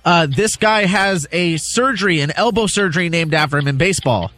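A man's voice: high voice, fairly quick, bright, forceful tone, a little hiss or hum. A man co-hosting a sports radio show, running a quiz round with upbeat, playful banter. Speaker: radio co-host.

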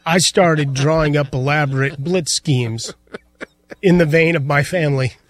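Guy co-host cracking dry jokes, bit high voice, dry close mic. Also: measured pace, dry recording. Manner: wry joking asides. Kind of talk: casual chat.

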